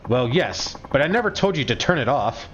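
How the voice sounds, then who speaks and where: A man's voice: medium pitch, sing-song, fairly quick, fairly bright tone, highs cut off, slight background noise, voice pushed up. Man putting on a haughty grumpy woman passenger. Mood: indignant. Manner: haughty, complaining, threatening.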